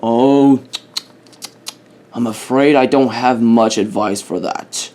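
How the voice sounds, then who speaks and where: A man voicing a friendly male bear with a polite, gentle manner in a homemade toy-animal story. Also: medium pitch, slow, close to an everyday voice. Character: friendly male bear who gives hugs.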